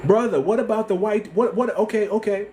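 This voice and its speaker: Hosting a livestream, a high-voiced man with a slight lisp speaks a little fast, bluntly repeating himself in lively casual slang. A faint hiss or hum sits in the recording.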